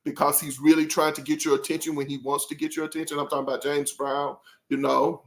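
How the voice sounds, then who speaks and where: A man's voice: a little high, level tone, fast. A man hosting a casual album review, rambling and interrupting himself, often breaking into laughter and apologizing as he talks straight to his viewers. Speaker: music reviewer host.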